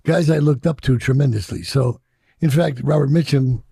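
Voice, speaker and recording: Gravelly, husky older man telling stories. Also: mid-range voice, moderate pace, dark tone, no echo, studio quality. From Chicago. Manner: profane, reflective, acts out quoted voices. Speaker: interviewee. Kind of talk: candid storytelling in an interview.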